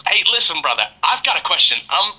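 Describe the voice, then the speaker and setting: A man's voice: high-pitched, big pitch swings, quick pace, bright, forceful tone, breathy edge, low-quality recording. A man calling in to a livestream, speaking in an effusive, praising way. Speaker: caller. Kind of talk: casual call-in chat.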